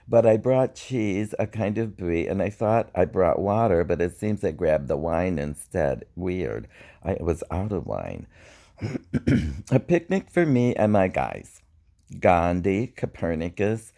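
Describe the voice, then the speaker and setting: A man reading his own spoken-word poetry in a slow, wry, reflective way. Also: deep voice, gravelly, dark tone. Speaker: poet.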